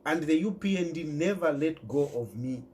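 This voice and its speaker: Zambian male commentator speaking straight to camera, insistent and lively in pitch. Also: moderate pace. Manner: emphatic, repeats key phrases, mixes in local words. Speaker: political commentator. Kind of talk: impassioned direct-to-camera commentary.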